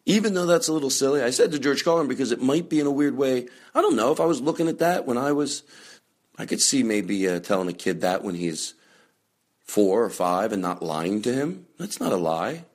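Male comedy podcast host, mid-pitched, rambling and chatty, with sudden mock-angry, profane outbursts. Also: animated, brisk. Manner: loud jokey bursts of mock anger, frequent swearing; chatty, with many fillers and restarts.

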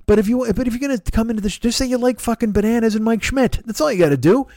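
A man's voice: very high voice, very fast, dark tone, no echo, studio quality. A man in his fifties ranting in a comedic podcast monologue, swearing a lot and jumping between stories. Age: 50s. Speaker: podcast host.

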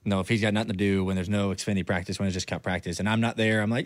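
A man guesting on a podcast, telling a story in a casual, animated way and laughing easily into a studio mic. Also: fairly low pitch, very fast, no echo. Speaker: race car driver, guest.

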